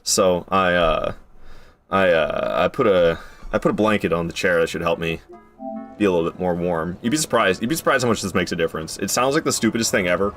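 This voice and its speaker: A man casually chatting through a game stream, excitable and prone to swearing, swinging from mumbles to loud outbursts, recorded in a room at home. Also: deep voice, a little fast, soft background music. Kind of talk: casual gameplay commentary.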